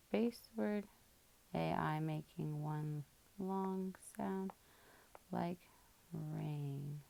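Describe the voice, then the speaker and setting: A woman's voice: lowish voice, creaky, a little mellow. A woman teacher working through a spelling lesson, patiently sounding out each word part by part.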